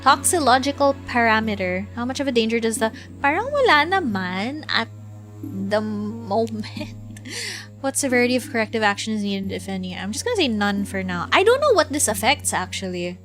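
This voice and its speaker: A woman's voice: a little high, very animated, normal speed, a bit bright, faint music behind. A young Filipino woman with a Filipino accent, chatting casually and giggling while streaming a video game. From Philippines. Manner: chatty, giggly, switches between English and Tagalog. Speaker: VTuber streamer. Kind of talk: casual game stream chat, reading game text aloud.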